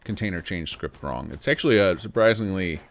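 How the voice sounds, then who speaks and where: A man who streams his game modding, casually thinking aloud in rapid bursts and making joking asides. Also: sits low, lively intonation. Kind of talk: live commentary while modding.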